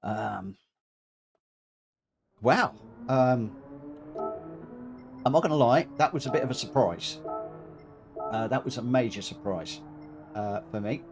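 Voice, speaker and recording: A man's voice: mid-range voice, takes it slowly, long pauses. A man, coughing and short of breath, giving chatty live commentary while he races in a driving game and repeats his words as he goes. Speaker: live-streaming sim racer. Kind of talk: casual live-stream commentary. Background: game music.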